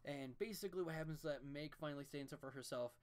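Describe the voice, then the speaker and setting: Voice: mid-range voice, quick pace, a little mellow. Rambling, profane art streamer. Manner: rambling, profane, ranting with restarts. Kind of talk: casual rambling commentary while drawing.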